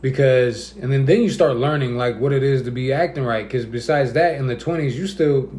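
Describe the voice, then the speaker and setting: A podcast host in his thirties chats casually at a medium pitch and slightly fast pace, the sound reverberant. He's an animated storyteller who acts out the people he quotes.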